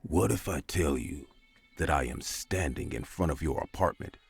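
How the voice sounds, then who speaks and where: A man voicing a creepy, menacing male stalker with a coarse, hushed voice, speaking slowly and threateningly. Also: very deep voice, lively intonation, vocal fry, slightly rough, soft background music, pitched below the performer's own voice, exaggerated voice. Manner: slow, threatening, drawn-out.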